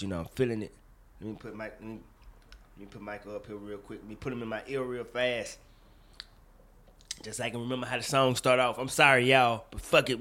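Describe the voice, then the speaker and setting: A young man hosting a casual podcast, talking with animated, profane, loud mock outrage. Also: medium pitch. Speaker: podcast host. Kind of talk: casual chat.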